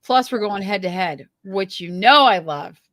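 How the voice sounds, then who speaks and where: A woman hosting a podcast in casual chat, leading the discussion in a lively way. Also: medium pitch, a little slow, no echo, clean studio sound. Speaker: podcast host. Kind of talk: casual chat recapping a reality show.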